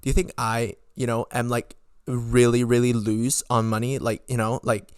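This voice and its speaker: A young man, a student, telling a storytime rant to his own camera, swearing a lot and rambling with fillers in a frustrated, animated way. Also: medium pitch, normal speed, smooth, no echo, studio quality. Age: young adult. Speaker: podcast host. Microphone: own camera recording.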